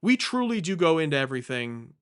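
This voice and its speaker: A man's voice: fairly high pitch, big pitch swings, a little fast, a bit bright, clear, resonant tone. A young man casually hosting a live stream from home, answering viewer questions in a rambling, jokey way, often correcting himself mid-sentence.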